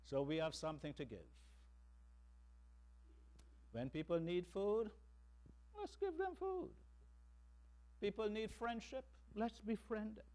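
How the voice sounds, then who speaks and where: A man preaching a sermon as pastor, animated and emphatic, rising to loud calls and dropping to hushed lines. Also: high-pitched, slow, long pauses.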